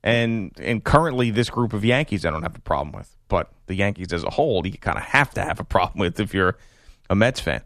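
A man's voice: fairly low pitch, expressive, fairly quick, a bit bright, dry recording, studio quality. A man hosting sports talk radio, joking and laughing through casual banter with co-hosts.

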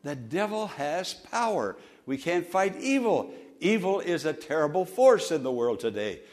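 A man's voice: very animated, a little slow. Preaching man with dramatic swings. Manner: preacherly, swings from loud emphasis to soft low asides; leads the congregation in call-and-response. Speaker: pastor. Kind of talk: sermon.

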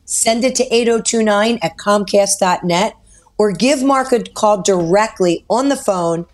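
A woman co-hosting a talk radio show as a mortgage expert, explaining loans in a brisk, practical way. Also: mid-range voice.

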